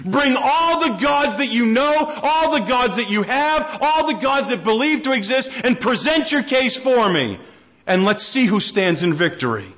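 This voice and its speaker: Male pastor, high voice, sermon delivery with big swings between loud and hushed, dull lo-fi recording. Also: expressive, moderate pace. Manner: swings from loud high-pitched preaching to low quiet emphasis.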